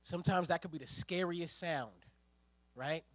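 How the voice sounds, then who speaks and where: A man with a fairly high voice delivers a sermon as a ministerial intern, speaking at a moderate pace with no echo. His style is lively and conversational, mixing slang with storytelling.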